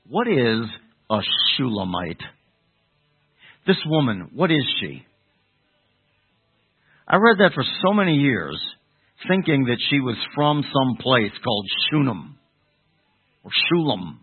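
A man's voice: mid-range voice, sing-song, a little slow, pauses often, slightly rough. A male preacher from delivering a sermon, rambling with restarts and rhetorical questions to his congregation. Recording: tinny phone-like sound.

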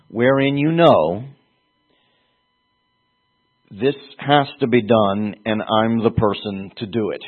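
A man teaching a Bible passage in a sermon, speaking haltingly and repeating words for emphasis. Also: mid-range voice. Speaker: preacher. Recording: tinny phone-like sound.

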